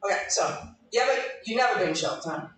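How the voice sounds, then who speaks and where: A woman's voice: mid-range voice, lively intonation, brisk. A woman in her forties doing brash, profane stand-up with crowd work, laughing at her own jokes in a small live comedy room. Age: 40s. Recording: echoey room from far off, faint noise.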